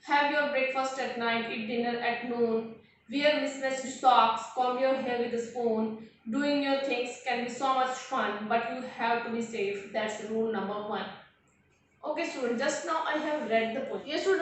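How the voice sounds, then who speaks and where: A woman's voice: high voice, normal speed, a little hiss or hum. A woman teaching a primary school English lesson with an Indian English accent, explaining patiently and repeating her questions for the pupils. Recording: very echoey room.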